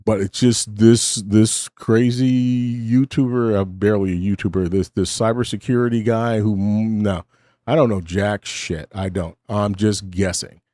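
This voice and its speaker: A man's voice: lowish voice, steady tone, measured pace, mellow, dry recording. A middle-aged man hosting a late-night stream from his home studio, rambling casually, cutting himself off with wry asides, sounding short on sleep. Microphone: studio mic with cough button.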